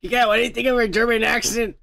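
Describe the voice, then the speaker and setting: A man's voice: extremely high pitch, level tone, quick pace, vocal fry, sharp tone, no room sound. A man hosting a podcast, talking in a crude, rambling, profane way and laughing often. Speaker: podcast host. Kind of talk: crude casual chat.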